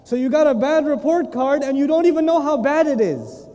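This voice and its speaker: A man giving a humorous religious lecture, telling stories with animated asides and self-corrections. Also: extremely high pitch. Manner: animated storytelling with quick asides. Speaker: Islamic lecturer. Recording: long hall reverb.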